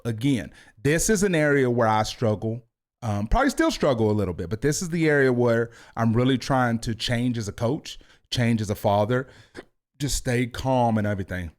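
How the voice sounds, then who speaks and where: A man in his thirties, a youth football coach and podcast host, talking with high energy and an animated, hands-moving delivery. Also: moderate pace. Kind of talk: motivational podcast talk. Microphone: video podcast mic.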